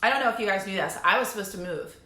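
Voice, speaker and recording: A woman's voice: mid-range voice, very fast, bright, forceful tone. A woman talking in a casual live stream as a life coach, bubbly and chatty with lots of fillers. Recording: echoey room.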